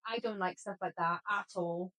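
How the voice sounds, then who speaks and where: A woman's voice: fairly low pitch, fairly even intonation, moderate pace, pushed and bright, rough recording. A young woman co-hosting a casual podcast, rambling with lots of "like" and "um". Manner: rambling, filler-heavy chat. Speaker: podcast co-host. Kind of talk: casual chat.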